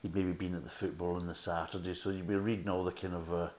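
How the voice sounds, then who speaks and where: Deep-voiced man reviewing beer. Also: little pitch movement, fast talker, a little mellow. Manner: rambling, thoughtful, chatty with asides. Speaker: beer reviewer, podcast host. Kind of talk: casual tasting review and chat.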